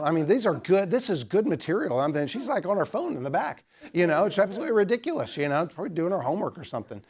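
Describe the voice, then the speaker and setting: A young man teaching a student club in a humorous lecture, teasing the audience and chatting with lots of fillers. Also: on the high side. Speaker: teacher giving a talk.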